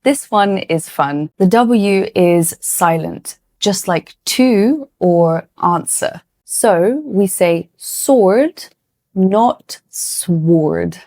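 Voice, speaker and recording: A woman teaching English pronunciation in a scripted lesson, speaking clearly and encouragingly and stretching out each target word. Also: mid-range voice, lively intonation, very slow, few pauses, darkish tone, no echo, clean studio sound.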